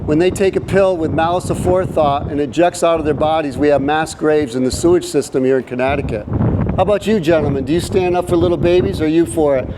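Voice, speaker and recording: A man preaching in the open air to passers-by in a loud, insistent, declaiming way. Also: on the high side, fast, noisy background. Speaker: street activist. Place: outdoors by a government building.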